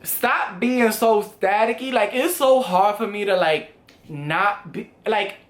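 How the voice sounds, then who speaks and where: A young man telling a storytime vlog in a casual, animated way, full of swearing and acted-out quotes. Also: high-pitched, takes it slowly. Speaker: vlogger.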